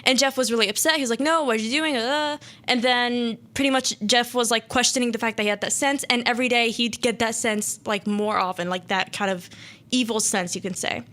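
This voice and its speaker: A woman's voice: on the high side, fairly even intonation, fairly quick, a bit bright. A young woman hosting a radio show, casually retelling a horror story in a rambling way with many fillers and acted-out quotes.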